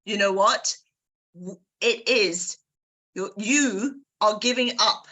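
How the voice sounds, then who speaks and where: A woman hosting a book club, giving an energetic motivational talk straight to her listeners. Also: medium pitch, slow pace. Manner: energetic, addresses listeners directly.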